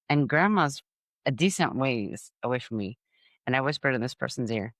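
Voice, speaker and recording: A middle-aged woman hosting a podcast, telling humorous family stories in an animated way and laughing at her own jokes. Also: rumbling low, moderate pace, dry recording, clean studio sound. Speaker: podcast host.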